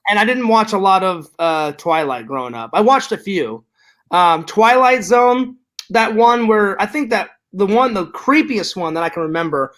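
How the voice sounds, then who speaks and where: A man chatting casually on a podcast, telling stories in a rambling, halting way full of fillers. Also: sits high, expressive, a bit bright. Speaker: podcast co-host. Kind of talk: casual chat.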